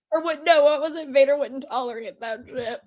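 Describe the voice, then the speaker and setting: A woman's voice: high-pitched, dull audio. A woman joining a casual podcast chat as a guest, wry and sarcastic, swearing casually. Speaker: guest panelist.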